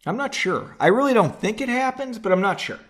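A man's voice: sits high, very animated, a little fast, a bit bright. A man hosting a podcast, reading a book aloud and breaking off into sarcastic, mocking asides. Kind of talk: casual comedic read-along.

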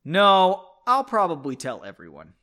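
A woman's voice: fairly low pitch, wildly swooping pitch, a little slow, sharp tone, voice pushed up, full character voice. A man voicing a wry, flippant young woman in a comedic book reading, in a voice close to his own.

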